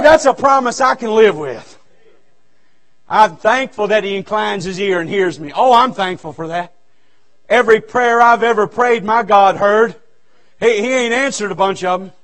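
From a church sanctuary, a male revival preacher delivers a fervent, folksy sermon, his voice pitched very high for a man. He breaks into shouts as he preaches.

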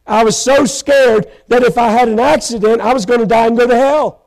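High, gravelly preacher man. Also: steady tone, low-quality recording. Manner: impassioned, bursts into shouts, slows for emphasis. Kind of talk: sermon testimony. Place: church pulpit, live stream.

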